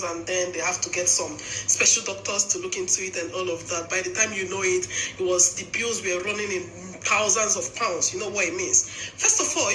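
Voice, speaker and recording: A young woman telling a cautionary story in a quick, chatty rush, her voice bright and forceful. She leans on emphatic points and checks in with "yeah?". The room is echoey, with a faint hum behind her. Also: mid-range voice. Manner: chatty, emphatic, tag questions. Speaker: vlogger. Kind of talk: casual storytelling chat. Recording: roomy with faint noise.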